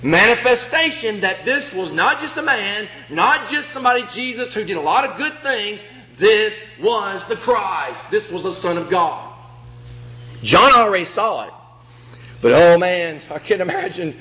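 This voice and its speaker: A man preaching a sermon with a strikingly high, bright voice. He takes his time, drawing out his words, and leans hard on his points. He acts out the lines of scripture he quotes. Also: expressive, unhurried, a little hiss or hum, rough recording.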